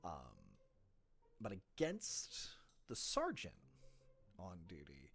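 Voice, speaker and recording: A man's voice: sits low, wildly swooping pitch, very slow, gravelly, a bit bright, slightly rough. A man narrating as game master of a tabletop game, in a loose, meandering way with self-corrections.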